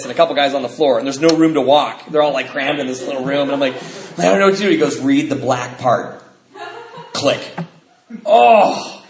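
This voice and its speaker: A middle-aged man speaks to a convention crowd about his recovery, in a voice pitched a little high for a man. He tells his stories lively and acts out the conversations in different voices. The sound is roomy and echoing, with a faint hiss underneath. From northwestern United States. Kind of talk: personal recovery talk to a convention audience. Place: convention hall. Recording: roomy hall with faint noise.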